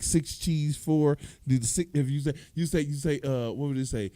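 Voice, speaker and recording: A man with a Detroit accent telling a loud, animated stand-up story, acting out the people in it and laughing often. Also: medium pitch, normal speed, few pauses, no room sound. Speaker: stand-up comedian.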